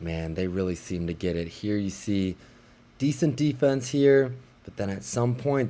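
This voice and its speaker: A young man casually recapping basketball highlights like an excited fan commentator.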